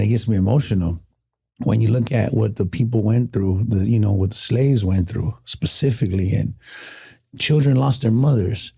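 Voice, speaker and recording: A man's voice: on the low side, gravelly, dark tone, slightly rough. A middle-aged man. He is a podcast guest telling reflective stories in an earnest, heartfelt way, often stopping and restarting. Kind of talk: reflective storytelling in casual conversation.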